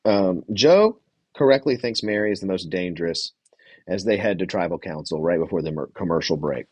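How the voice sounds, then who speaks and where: A young man with a fairly low voice hosts a loose, casual recap, rambling through his thoughts with plenty of fillers and swearing. He reads comments from a live chat as he goes. The sound is dry, with little room around it. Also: lively intonation, normal speed, a little mellow, husky, no room sound. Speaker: podcast host reviewing a reality show.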